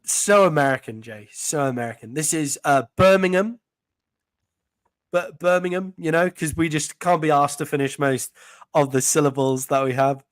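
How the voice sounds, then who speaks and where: A man with an English accent co-hosting a casual sports podcast, chatty and quick to laugh, with plenty of fillers. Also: a little high, no room sound. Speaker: podcast co-host.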